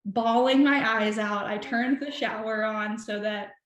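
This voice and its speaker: A young woman telling a personal story as a podcast guest, animated and chatty, full of "like". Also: on the high side, measured pace. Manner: animated, chatty, heavy use of "like". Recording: roomy echo.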